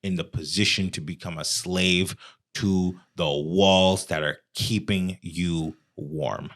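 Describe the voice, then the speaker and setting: A man with a fairly low voice co-hosts a podcast. He drawls in unhurried casual chat and trails off into quiet, low asides. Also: steady tone. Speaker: podcast co-host.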